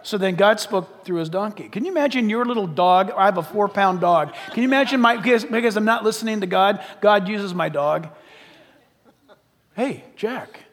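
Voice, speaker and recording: High-voiced preacher with a long hall reverb. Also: male voice, fairly quick, few pauses, fairly bright tone. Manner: emphatic, rhetorical questions, repeats "listen". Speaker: pastor. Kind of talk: sermon.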